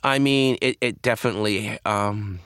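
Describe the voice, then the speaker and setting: A man speaking as an interview guest, telling a personal story candidly in a halting way with frequent restarts. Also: on the low side, fairly bright tone, clean tone, no echo.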